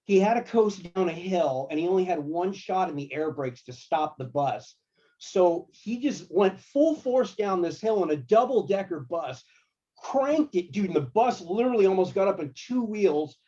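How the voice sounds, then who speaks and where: A man working as a guitar tech, telling tour stories in a casual, slangy, animated way. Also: high-pitched, normal speed, highs cut off. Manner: animated, laid-back, slangy. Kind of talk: casual storytelling.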